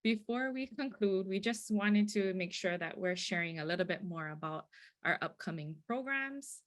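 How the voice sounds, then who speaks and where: A woman's voice: medium pitch, lively intonation, moderate pace. Woman wrapping up a session, talking about upcoming programs, friendly. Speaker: program presenter.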